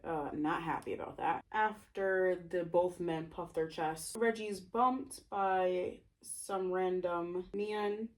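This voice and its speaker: A woman's voice: lowish voice, slow pace, few pauses. A young woman casually retelling the plot of her own novel, chatty and full of fillers, often breaking into giggles.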